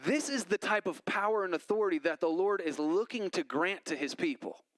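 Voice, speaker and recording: Male pastor, slightly higher voice, dry close sound, chatty animated sermon delivery. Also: fairly quick, no echo, low-quality recording. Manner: conversational, animated storytelling with quoted voices. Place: church.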